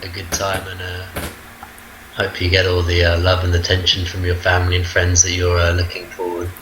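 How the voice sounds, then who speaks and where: Scottish male caster, very low voice, halting delivery, faint background hum. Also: completely flat delivery. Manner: hesitant, many ums and uhs. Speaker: esports caster. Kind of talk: casual game commentary.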